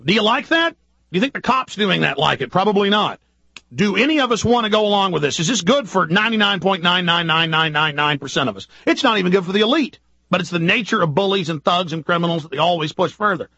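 A man hosting a radio talk show, delivering an urgent, ranting political monologue full of rapid-fire rhetorical questions. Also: high-pitched, animated, vocal fry, sharp tone, husky, no room sound, lo-fi sound. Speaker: radio host.

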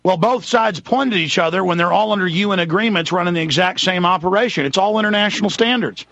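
A man's voice: high voice, fast, fairly bright tone, no echo, dull audio. A man hosting a talk radio show, ranting in a heated, hammering way. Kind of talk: angry talk radio monologue.

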